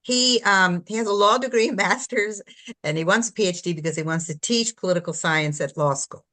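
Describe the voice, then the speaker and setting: A woman's voice: medium pitch, a little fast, fairly bright tone. An older woman, an author, talking casually about her book, rambling and stopping to search for words with many fillers.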